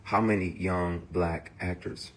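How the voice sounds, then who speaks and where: A man's voice: low-pitched, steady tone, a little slow, slight background noise. A man, an actor, speaking straight to camera in an emphatic, profane, heated rant. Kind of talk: impassioned direct-to-camera rant.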